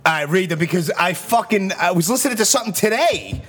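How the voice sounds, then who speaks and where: An excitable man with a slightly high voice keeps talking over his friends on a casual podcast. He swears constantly and rushes his points out in loose banter. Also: breathy edge, faint music behind. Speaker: podcast co-host.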